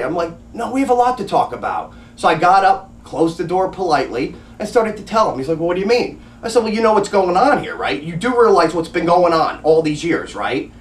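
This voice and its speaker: With a high, lively voice, a little fast and with barely a pause, an agitated man tells a personal story casually, acting out what was said. An adult with a living grandmother and father, he speaks up for his family about a doctor visit, recorded from a distance in an echoey room.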